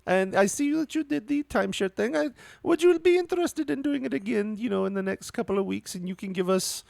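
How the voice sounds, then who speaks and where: A man voicing a pushy, chirpy female hotel timeshare saleswoman with a sugary sales pitch. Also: expressive, a little fast, creaky, a little mellow, no room sound, full character voice.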